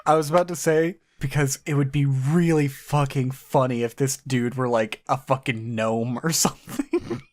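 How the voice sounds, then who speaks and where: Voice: mid-range voice, fairly even intonation, moderate pace, hardly any pauses, a little mellow. A speaker on a casual podcast acting as game master, rambling and swearing casually. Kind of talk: casual chat.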